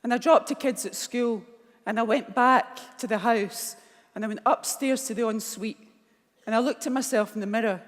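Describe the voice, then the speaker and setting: A woman's voice: a little high, normal speed. Glaswegian woman speaking in a reverberant hall. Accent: Scottish, Glaswegian. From Scotland. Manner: candid, emotional storytelling. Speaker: keynote speaker. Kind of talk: motivational speech. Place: large conference hall. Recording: long reverb of a large hall.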